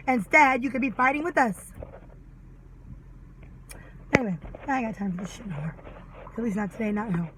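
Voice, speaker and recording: A woman's voice: fairly high pitch, moderate pace, long pauses, very noisy. A mother ranting angrily to camera, sarcastic and full of swearing. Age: adult mother. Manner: heated, sarcastic, swears a lot. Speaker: vlogger. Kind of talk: angry ranting monologue.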